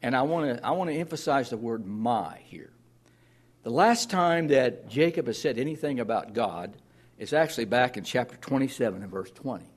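A man's voice: medium pitch, animated, normal speed, husky. A man pastor preaching a sermon in an earnest way, reading scripture aloud and often repeating words as he restarts.

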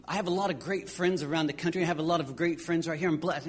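Earnest, husky-voiced preacher man. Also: fairly high pitch. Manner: earnest, halting, with frequent restarts. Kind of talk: sermon.

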